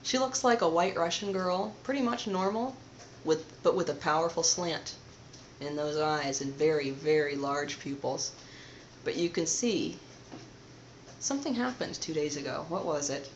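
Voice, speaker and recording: A woman hosting her own channel, talking to camera in a soft-spoken, meandering, conspiratorial monologue. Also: low-pitched, moderate pace, slight background noise. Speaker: channel host. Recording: roomy, slightly dull home recording.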